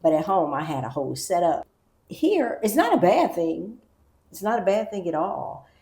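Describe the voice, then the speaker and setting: Woman, from the US, low voice, chatty vlog talk, animated asides, echoey room. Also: normal speed. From United States. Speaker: vlogger. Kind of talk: casual talk to camera.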